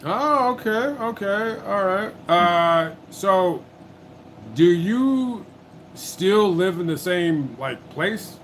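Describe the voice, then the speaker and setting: A man's voice: sits high, animated, extremely slow, fairly bright tone, a little hiss or hum. A man hosting a casual livestream, blunt and joking, stammering as he asks questions. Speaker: livestream host.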